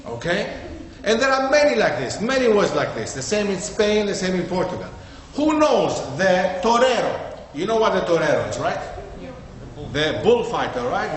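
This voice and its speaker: Guy with a high voice lecturing a group, keeps quizzing them, big echoey hall sound. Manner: quizzes the audience, checks with "okay?". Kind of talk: interactive classroom talk. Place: community centre hall. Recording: echoey hall with faint noise.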